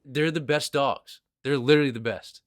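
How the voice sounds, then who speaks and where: A young adult man hosting a podcast, talking in an animated, enthusiastic way, with lots of "dude" and "like.". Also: medium pitch, moderate pace, no room sound, studio quality. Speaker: podcast host. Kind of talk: casual chat.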